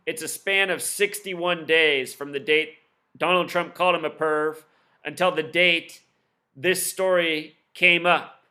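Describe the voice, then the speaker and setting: A man explaining his theories in a solo video, rattling off numbers quickly and insistently, with scornful asides. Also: high-pitched, sharp tone. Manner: rapid-fire, insistent, admits talking too fast; lists numbers and codes in rapid bursts. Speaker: video commentator.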